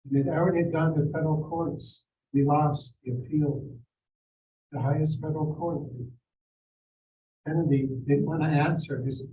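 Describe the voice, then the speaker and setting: Older man, mellow and slightly high, recounting memories from a distance with room echo. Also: steady tone, a little hiss or hum. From Seneca Nation. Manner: measured, reflective, quotes people in acted voices. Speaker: forum speaker. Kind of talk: personal storytelling. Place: school district forum room. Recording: roomy, distant mic with faint ambience.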